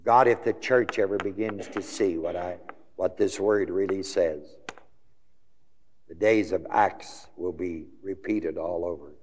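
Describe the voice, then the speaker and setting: Slow male preacher in a reverberant hall, drops to a murmur and then soars high. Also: slight background noise. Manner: call-and-response questions, swinging between low murmurs and high ringing exclamations. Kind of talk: sermon.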